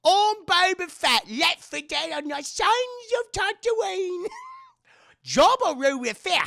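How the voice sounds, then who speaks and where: A man doing a loud, hammy, over-the-top take on a male bounty hunter, straining as he shouts. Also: very high voice, sing-song, takes it slowly, creaky, voice pushed up, heavily acted.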